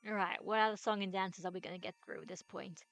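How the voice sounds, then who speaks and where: A woman's voice: mid-range voice, fairly even intonation, fast talker, gravelly, fairly bright tone, dry recording, poor audio. A woman streaming a visual novel, thinking aloud in a rambling way with many restarts. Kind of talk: live-streamed game commentary. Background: game music.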